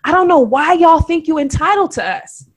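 A woman from Oakland with a Bay Area accent, co-hosting a podcast and telling a story in an emphatic, animated way. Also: high voice, normal speed. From Oakland, California. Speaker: podcast co-host. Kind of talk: casual storytelling chat.

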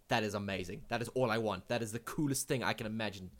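A young man co-hosting a gaming podcast, chatting casually in an excitable, rambling way with lots of fillers and restarts. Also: lowish voice, quick pace, few pauses. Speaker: podcast co-host. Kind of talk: casual chat.

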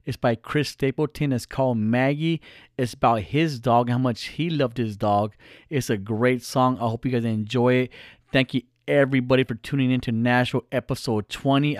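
A man's voice: medium pitch, fairly even intonation, fairly quick, no room sound, studio quality. A male podcast host talking alone in a casual, earnest, reflective way, repeating phrases for emphasis. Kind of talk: casual solo monologue.

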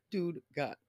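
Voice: medium pitch, a little mellow, husky, no room sound, clean studio sound. Foul-mouthed rambling podcast host. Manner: swears freely, rambling storytelling. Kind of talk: casual solo podcast monologue.

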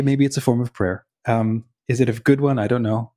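A man's voice: fairly even intonation, brisk, hardly any pauses, mellow. A man co-hosting a faith podcast, telling stories in casual conversation and acting out the quotes inside them. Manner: storytelling, acts out quotes with rising pitch. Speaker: podcast co-host.

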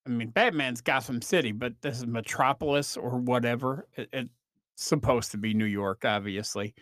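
A man hosting a podcast, rambling through a comedic monologue with animated swings and quick mock voices. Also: medium pitch, dry recording, studio quality. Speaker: podcast host.

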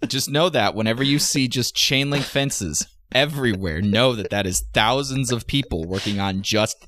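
A man co-hosting a casual comedy podcast, bantering and teasing with quick incredulous questions. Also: mid-range voice, sharp tone, no echo, studio quality. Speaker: podcast co-host.

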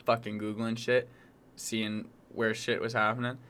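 Young man, podcast co-host, bright tense tone, crude, laughing, rambling. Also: fairly low pitch, flat delivery, a little slow. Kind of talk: casual chat.

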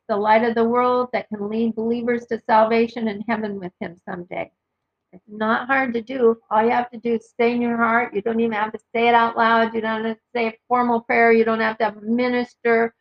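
A woman giving informal Bible teaching, earnestly reading verses aloud and citing their references. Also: on the high side. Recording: dull lo-fi recording.

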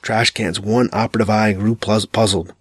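A man reads a dark novel aloud in a measured, dramatic way. His voice sits on the low side. The sound is dry and close, with no room around it. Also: steady tone, breathy edge, no room sound. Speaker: audiobook narrator. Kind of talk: scripted narration.

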